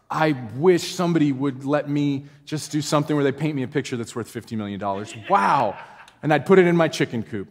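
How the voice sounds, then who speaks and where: A man preaching from a church stage with a fairly high voice. He tells a story at an easy pace, then climbs to emphatic, insistent points. His voice rings out with a long hall reverb behind it. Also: expressive, moderate pace. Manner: storytelling, rising to emphatic exclamations. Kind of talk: sermon. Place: church sanctuary.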